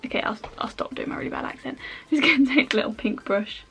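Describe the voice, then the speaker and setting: A woman's voice: fairly high pitch, fast talker, creaky, a bit bright, breathy edge, soft background music. A woman chatting her way through a makeup tutorial at home, rambling with self-mocking asides as she works. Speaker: makeup vlogger.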